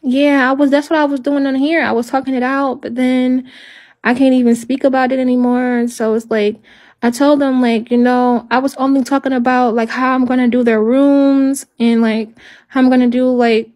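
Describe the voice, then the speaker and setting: A woman talking on a livestream in halting, repetitive speech, sounding hopeless and stressed. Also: high-pitched, little pitch movement, a little mellow. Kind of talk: emotional livestream talk.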